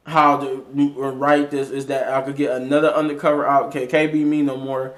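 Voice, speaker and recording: A man's voice: mid-range voice, little pitch movement, moderate pace, hardly any pauses, fairly bright tone. A man casually recapping a TV episode in a rambling way, with frequent restarts and fillers. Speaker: TV episode reviewer.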